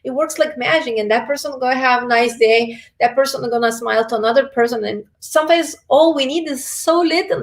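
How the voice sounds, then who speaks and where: Lady on a live beauty stream, gushing and affectionate, some vocal fry in there. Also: high-pitched, brisk, hardly any pauses. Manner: warm, effusive and affectionate. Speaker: beauty and health YouTuber. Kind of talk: casual livestream chat reading viewer comments.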